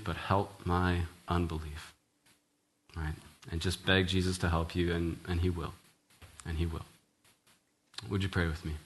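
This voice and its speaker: A man, a church minister, preaching an earnest, conversational sermon, often checking in with "right?" and restarting his sentences. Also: low voice. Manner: casual, frequent "right?" tag questions and restarts; earnest, ends in quiet prayer.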